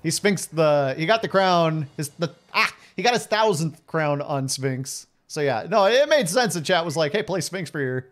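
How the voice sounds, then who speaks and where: In this clip, a man in his late thirties streams a game, chatting with his viewers and teasing them with frequent laughs in casual commentary. His voice is on the high side and expressive, with a fairly bright tone. He talks at a moderate pace and hardly pauses.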